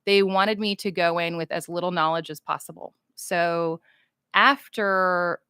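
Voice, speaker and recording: A woman's voice: fairly low pitch, fairly even intonation, unhurried, sharp tone, clean tone, dry recording, studio quality. A woman from the United States, chatting casually on a livestream with fans, goofy and rambling as she reads chat comments aloud.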